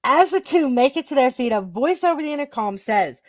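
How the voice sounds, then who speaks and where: An eager woman co-commentator reads wrestling play-by-play and banters between calls. Her voice sits fairly high and sounds bubbly. The recording is dry. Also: a little fast, dry recording. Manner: excitable, giggly, apologetic. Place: home, with children in the room.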